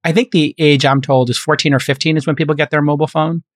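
A man's voice: a little high, steady tone, quick pace, no echo. Guy hosting a podcast, middle-aged, kinda rambly, lots of ums, dry studio mic. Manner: rambling, thinks aloud with fillers. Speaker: podcast host. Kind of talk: casual podcast discussion.

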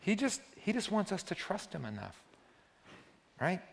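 A man's voice: high voice, very animated, a little slow, gravelly. A man in his sixties preaching a conversational sermon as pastor, often adding "right?" and building to emphatic peaks. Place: church sanctuary. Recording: long reverb of a church hall.

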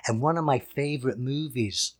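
A man's voice: medium pitch, normal speed. A man with an English accent co-hosting a podcast in casual chat, rambling and playful, often correcting himself. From England. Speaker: podcast co-host.

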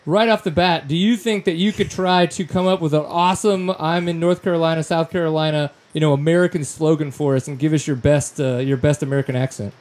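A man's voice: a little high, fairly even intonation, fast talker, hardly any pauses, a little mellow. A man from Louisiana hosting a casual podcast chat, joking loosely and reading sponsor plugs with slang. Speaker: podcast host.

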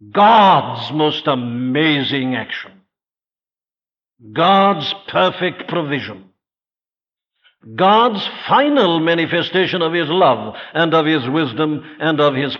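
Heard on a dull, lo-fi old recording, a man with a voice on the high side preaches at an evening church service. He asks his hearers pointed questions and slows down to underline key phrases in an earnest, rhetorical manner.

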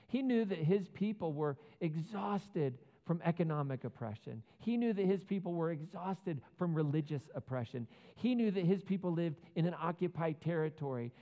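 A man's voice: on the high side, creaky. A man preaching a sermon in a conversational, earnest way, with casual asides and rhetorical questions to the congregation. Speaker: pastor. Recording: muffled sound with long hall reverb.

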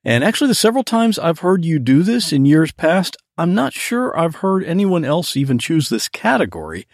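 A man's voice: on the high side, moderate pace, no echo, clean studio sound. A man leaving a recorded message for a podcast host, talking about a favorite show in a storytelling way. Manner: animated storytelling. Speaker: podcast guest caller.

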